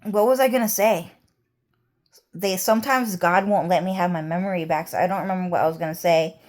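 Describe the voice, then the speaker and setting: A woman's voice: on the low side, a little fast, a little mellow. A woman vlogger talking in a rambling, heated monologue, swearing often.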